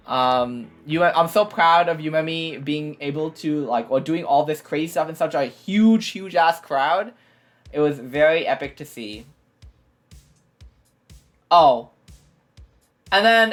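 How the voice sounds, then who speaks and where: Woman streamer, lower register, chatty and filler-heavy, faint music bed. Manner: rambling, filler-heavy, excitable. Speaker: VTuber streamer. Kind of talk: casual stream recap. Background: faint background music.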